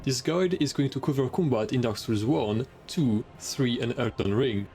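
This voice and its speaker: A young man with a French accent, narrating a scripted gaming guide in a steady, methodical, explanatory way. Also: medium pitch. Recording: light music behind.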